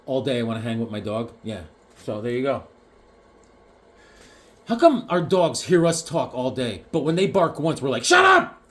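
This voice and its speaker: A man chatting casually about comic books, jokey and animated, now and then acting out the characters. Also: mid-range voice, moderate pace, pauses often. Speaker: comic collector vlogger. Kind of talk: casual chat.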